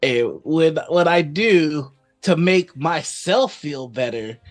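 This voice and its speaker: Co-hosting a casual stream chat, a woman laughs often and swears freely in an animated way. Her voice is deep and slow, with faint music behind her.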